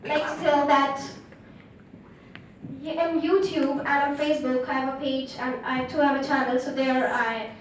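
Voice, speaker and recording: A teenage girl from India gives an earnest, slightly rambling speech in Indian English, her voice pitched high. She is picked up from far across a large hall that rings with heavy echo, with a faint murmur of room noise underneath. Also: steady tone, normal speed. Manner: earnest, repetitive, with frequent uh fillers. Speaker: student speaker. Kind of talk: delivered speech to an audience.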